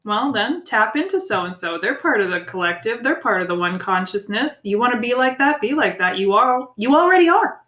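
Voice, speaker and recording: A woman's voice: mid-range voice, lively intonation, fairly quick, hardly any pauses, pushed and bright. A woman co-hosting a podcast in casual chat, frank and upbeat, swearing freely. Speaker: podcast co-host. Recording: roomy echo.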